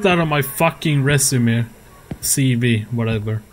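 A man's voice: medium pitch, a little slow, slight background noise. A man commenting on a horror game as he plays it, swearing often and laughing at his own frustration. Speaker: gaming YouTuber. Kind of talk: let's play commentary.

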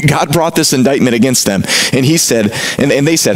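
A man's voice: mid-range voice, normal speed, low-quality recording. A male pastor preaching a sermon from the pulpit in an emphatic, rising and falling delivery. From United States.

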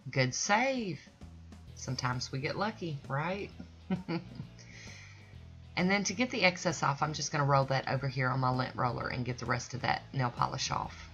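Low voiced lady rambling thru a nail art tutorial, dull lo-fi audio, faint music behind. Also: a bit bright. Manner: rambling, folksy, loses her train of thought. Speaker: nail art channel host. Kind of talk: chatty tutorial voice-over.

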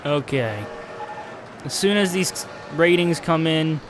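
Male streamer, high-ish voice, casual play-by-play, easily exasperated, light background noise. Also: slow pace. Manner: excitable, swings from chatty narration to exasperated outbursts. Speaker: streamer playing a park-building game. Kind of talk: casual gameplay commentary.

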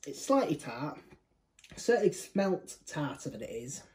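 A man's voice: a little high, very animated, measured pace, darkish tone, low-quality recording. A young man from the UK giving a casual, rambling beer tasting review, often correcting himself mid-sentence. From United Kingdom. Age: young adult. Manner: chatty, rambling, self-correcting.

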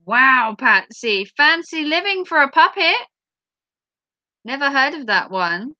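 A woman's voice: high-pitched, sing-song, slow pace, pushed and bright, no echo, lo-fi sound. A woman from England with a Norfolk accent, chatting casually on a livestream and answering her chat aloud. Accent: Norfolk English.

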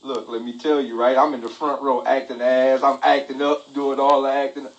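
A man telling a comic story on a live stream, animated and laughing, with frequent exclamations. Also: mid-range voice, normal speed, muffled recording. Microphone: phone mic.

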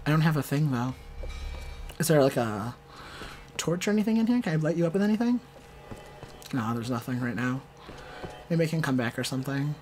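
This is a young adult host narrating a let's play in a loose, joking voice that talks straight to the characters on screen. The pitch sits in a middle range. Fights bring excited yelps and shouts, and a little game music plays faintly underneath. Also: brisk, long pauses. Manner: playful, chatty, talks back to game characters. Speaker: gaming channel host.

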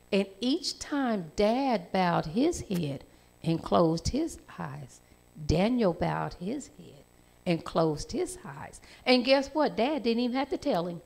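Lively woman telling a children's story. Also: on the high side, vocal fry. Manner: animated storytelling with lively voice changes. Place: church.

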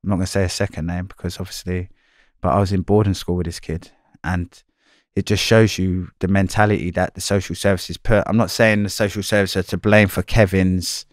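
Male, low and even delivery, candid storyteller, swears freely, dry close recording. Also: fairly quick, dry recording. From London. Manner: blunt, swearing, slangy, repeats himself. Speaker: interviewee.

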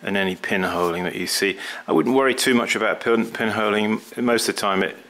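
A man's voice: lowish voice, a bit bright. A middle-aged man talking casually through a pottery glazing demonstration, often stopping and repeating words as he works. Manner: halting, repeats words, talks while working.

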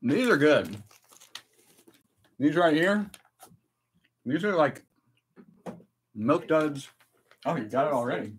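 An American man chatting casually and excitedly on a live stream while tasting snacks. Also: fairly high pitch, slow pace, pauses often, a little hiss or hum. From United States. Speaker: vlogger.

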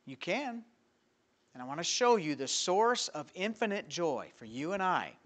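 Male pastor with a bright, somewhat high voice, preaching animatedly in a church and moving between loud and hushed. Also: unhurried. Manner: animated preaching with rhetorical questions, swinging from loud to quiet. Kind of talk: evening sermon. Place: church sanctuary.

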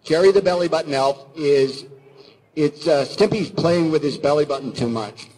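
A man on a convention panel who tells a story excitedly, acting out voices, with many fillers. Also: on the high side, moderate pace, rough recording. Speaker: animator and panel guest.

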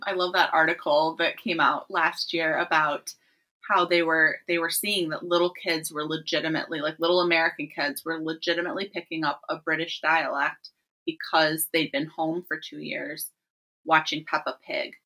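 Casting: eager woman host, bright tone with a husky edge, laughs easily. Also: low voice, fairly even intonation, moderate pace, low-quality recording. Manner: enthusiastic, laughs often. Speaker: podcast host. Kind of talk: casual interview chat.

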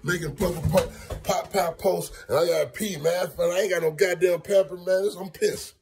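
A young man ranting loudly and comically, swearing and exasperated, talking from outdoors and in a car. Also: high voice, fairly even intonation, normal speed, soft background music. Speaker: comedian. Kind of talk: profane comedic rant.

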